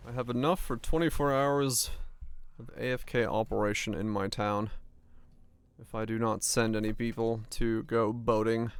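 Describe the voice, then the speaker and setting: A man's voice: mid-range voice, fairly even intonation, moderate pace, clear, resonant tone, no echo. A man streaming a game, chatting casually and rambling between jokes. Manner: rambling, joking, laughs often. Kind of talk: casual gameplay chat.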